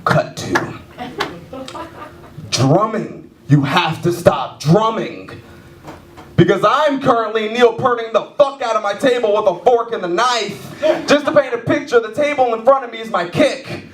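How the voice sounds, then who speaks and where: A man in his twenties doing stand-up storytelling in a comedy club, animated and self-mocking, mimicking sound effects. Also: sits high, measured pace, slight background noise. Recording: echoey club heard from far off. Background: audience laughing.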